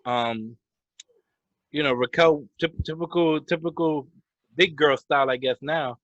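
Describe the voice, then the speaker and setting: A man's voice: a little high, a little slow, fairly bright tone, no room sound. A man co-hosting a wrestling podcast, casually recapping matches in a laid-back way. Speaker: podcast co-host. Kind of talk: casual wrestling review chat. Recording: slightly dull lo-fi sound.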